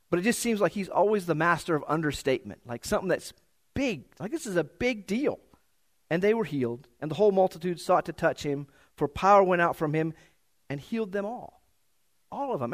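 A man preaches to his congregation, speaking in a voice a little higher than most men's. He talks in a loose, conversational way, backing up and rephrasing as he goes. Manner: conversational, self-correcting, with many restarts. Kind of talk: sermon. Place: church.

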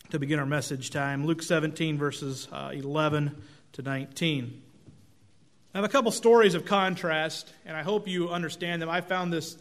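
A middle-aged male pastor delivers a relaxed, conversational sermon. He tells folksy stories and pokes fun at himself. His voice sits a little high for a man. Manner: conversational, self-deprecating, folksy storytelling.

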